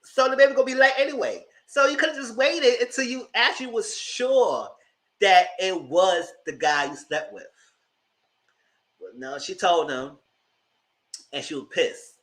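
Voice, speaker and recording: Unhurried and high-pitched, with a fairly bright tone, a man hosts a casual live TV review. He talks in slang, laughs a lot, and performs the characters' lines himself.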